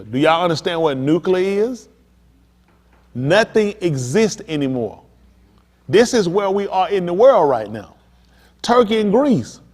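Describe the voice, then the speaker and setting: Man, pastor, emphatic sermon, fairly high voice, echoing church hall. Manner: emphatic, talks straight to the congregation. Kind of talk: preaching sermon. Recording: long hall reverb.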